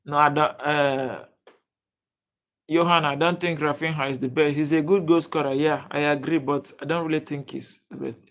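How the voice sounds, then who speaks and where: Guy hosting a live stream, slightly high voice, lots of uh and restarts, chatting w viewers. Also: fairly even intonation, a bit bright. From Nigeria. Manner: halting, many fillers and restarts, addresses chat viewers by name. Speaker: livestream host. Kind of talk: casual live chat reading comments.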